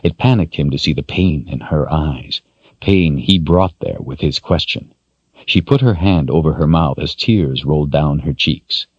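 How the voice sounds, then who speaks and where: Male audiobook narrator, very deep voice, lively expressive intonation, dry dull-sounding recording. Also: a little slow, husky, dry recording. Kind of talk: scripted narration.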